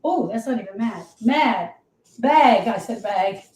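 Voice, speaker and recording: A woman's voice: mid-range voice, expressive, a little slow, darkish tone, echoey room, low-quality recording. A woman grief coach teaching on a live show, emphatic and repetitive, speaking straight to her listeners.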